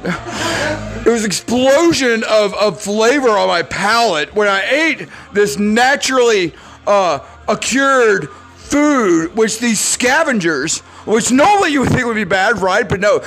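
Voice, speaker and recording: A man's voice: high-pitched, lively intonation, music in the background, heavily acted. A man doing his smug bragging roommate. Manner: boastful, drawn-out, condescending. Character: smug bragging male roommate back from California.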